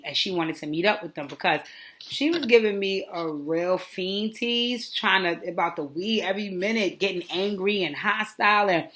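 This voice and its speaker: A woman with a slightly low voice gives a casual recap commentary. She talks in a gossipy, animated way. She keeps tossing off quick dismissive asides as she goes. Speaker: reality show commentator.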